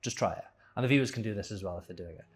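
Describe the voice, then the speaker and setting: A man with a low, husky voice talks as a podcast guest. His delivery rambles and meanders, with frequent restarts and self-corrections. The tone stays loose and conversational throughout. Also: racing. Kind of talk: casual conversation.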